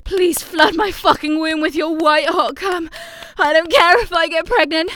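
Breathless, high-voiced possessive non-human lover played by a woman; slow, pleading delivery for adult audio role-play. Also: fairly even intonation, a little mellow, a little hiss or hum. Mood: passionate, pleading.

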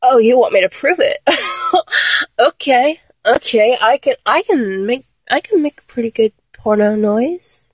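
Teasing, giggly young woman, slow and dry. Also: fairly high pitch, expressive, slightly rough, no room sound. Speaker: audio role-play performer. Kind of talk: one-sided phone role-play.

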